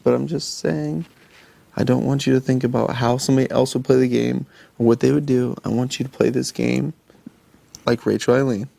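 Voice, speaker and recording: A man's voice: mid-range voice, steady tone, a little fast, vocal fry, dark tone, no echo. A young man talking earnestly and reassuringly to his partner, often restarting his sentences. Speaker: reality show houseguest. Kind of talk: intimate casual talk.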